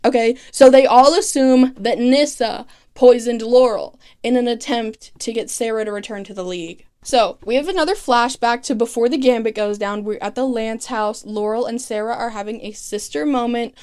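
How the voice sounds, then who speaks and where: A young woman talks through the plot of a TV season in a chatty, sarcastic way, peppering it with "like" and "okay". Her voice sits slightly high. She sounds relaxed and playful, like a regular running her own recap channel. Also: normal speed, hardly any pauses, clean tone. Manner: chatty, sarcastic, lots of 'like' and 'okay'. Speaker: recap host. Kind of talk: casual comedic recap narration.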